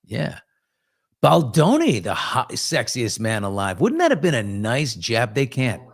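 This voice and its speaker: A man's voice: medium pitch, huge pitch swings, unhurried, creaky. A middle-aged man hosting a casual live morning talk show, blunt and sarcastic, now and then mimicking other voices. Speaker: host.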